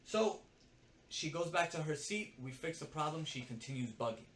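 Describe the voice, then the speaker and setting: A man's voice: fairly high pitch, brisk, fairly bright tone, slight background noise. A young man vlogging, casually and animatedly telling a story about a bad job, swearing and often checking in with "right?". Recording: roomy with faint ambience.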